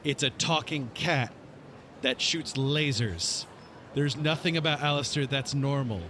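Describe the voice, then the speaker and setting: Man, tabletop player, mid pitch, earnest, faint background noise. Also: bright, forceful tone. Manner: earnest, pushy in character, quick to laugh. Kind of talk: casual tabletop role-play.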